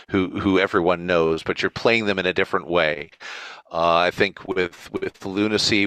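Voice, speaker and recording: Deep-voiced, bright, chatty man. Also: dry recording. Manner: animated, chatty storyteller. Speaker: interview guest, convention organizer. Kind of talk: casual storytelling interview.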